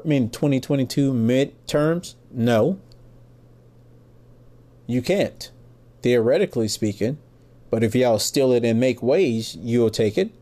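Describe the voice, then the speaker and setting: A man's voice: medium pitch, dark tone. A middle-aged American man hosting a podcast, ranting angrily and with heavy profanity about politics. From United States. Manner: angry, profane, emphatic ranting. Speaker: podcast host. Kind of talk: political rant.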